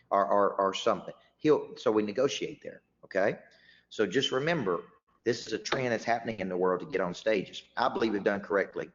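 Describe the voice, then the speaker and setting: A man's voice: fairly low pitch, a little fast. A man hosting a motivational webinar as a business coach, emphatic and often restarting his words. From Tennessee. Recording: muffled webinar audio with long reverb.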